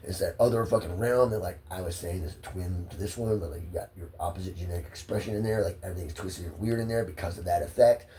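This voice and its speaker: A man's voice: low voice, quick pace, hardly any pauses, dark tone, distant mic, a little hiss or hum. A stressed man rambling profanely into his phone, drifting from one idea to the next. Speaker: vlogger.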